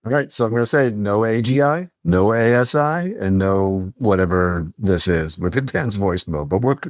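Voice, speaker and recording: Low-voiced chatty male podcast host. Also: lively intonation, normal speed, no echo, studio quality. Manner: chatty, laughs often. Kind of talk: casual chat.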